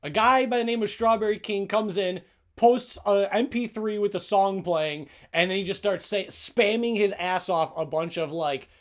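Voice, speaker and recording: Young male co-host, high voice, blunt and sweary. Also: moderate pace. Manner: blunt, swears freely, jumps in to explain. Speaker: podcast co-host. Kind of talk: casual podcast chat.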